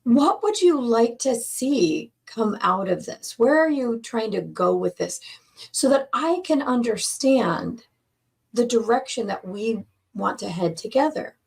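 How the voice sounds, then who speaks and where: A woman coach talks earnestly about relationships, laying out each point in slow, deliberate phrases. Her voice has a gravelly, husky edge and sits at a middle pitch. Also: expressive, a little mellow. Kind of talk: teaching talk on relationships.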